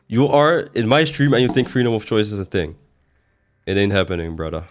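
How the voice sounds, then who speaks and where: A man with a fairly low voice talks through a game livestream. He reads his chat aloud and answers it, rambling casually between sudden exasperated outbursts. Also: animated, normal speed. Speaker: game streamer.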